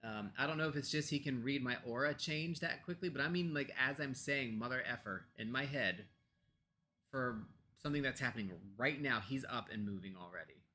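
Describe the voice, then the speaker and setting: In a brisk, medium-pitched voice, an American man makes casual chat on the pagan show he co-hosts from home. His talk is full of fillers and false starts, and every so often he turns away to speak gently to his pets.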